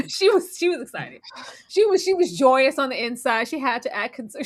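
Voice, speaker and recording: A woman hosting a live episode review, recapping scenes in a lively, storytelling way. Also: high-pitched, brisk, no room sound, studio quality. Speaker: host.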